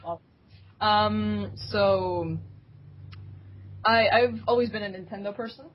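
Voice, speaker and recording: Giggly young woman, husky dull audio. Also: mid-range voice, slow pace. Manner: giggly, animated storytelling with playful voices for her younger self. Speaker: guest, fan site staff member. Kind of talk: casual podcast chat.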